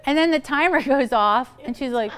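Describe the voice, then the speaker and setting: A woman's voice: sits high, normal speed, fairly bright tone, clean tone. A middle-aged woman therapist giving a humorous, chatty talk to parents, acting out the people she quotes. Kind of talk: lively talk to an audience of parents.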